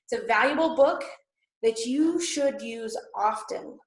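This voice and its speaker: Woman teacher, slightly high voice, patient step-by-step explaining, checks in often, roomy echo. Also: lively intonation, a little slow. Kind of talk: classroom instruction recorded for students. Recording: echoey room.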